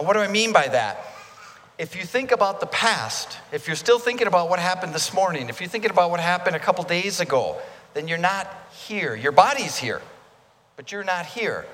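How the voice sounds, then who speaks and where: A man's voice: high-pitched, a bit bright, a little hiss or hum. A man preaching a sermon in a conversational way, asking the congregation questions. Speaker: pastor. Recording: long hall reverb.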